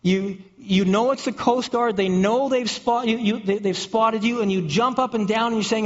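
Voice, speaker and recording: A man's voice: sits high, fairly even intonation, normal speed, hardly any pauses. A man preaching a sermon, telling the story vividly and repeating words as he builds a picture for listeners. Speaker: pastor. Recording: dull sound with long hall reverb.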